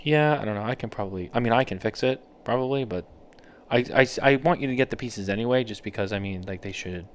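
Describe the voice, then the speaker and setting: A man's voice: on the low side, fast talker. A man co-hosting a podcast in casual chat, rambling and laughing often as he tells stories. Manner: rambling, laughs often, mimics others in quotes. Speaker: podcast co-host.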